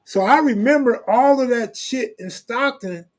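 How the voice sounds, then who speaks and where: A man's voice: very high-pitched, unhurried. A man from California, hosting a live stream, chatting casually in loose street slang and joking with viewers. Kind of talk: casual chat reading live comments.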